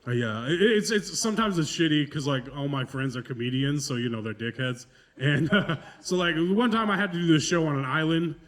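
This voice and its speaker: Profane, self-mocking stand-up headliner. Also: male voice, a little high, fairly quick, fairly bright tone. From Pacific Northwest, US. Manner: loose, profane, conversational, self-deprecating. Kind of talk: stand-up comedy set. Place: comedy club stage.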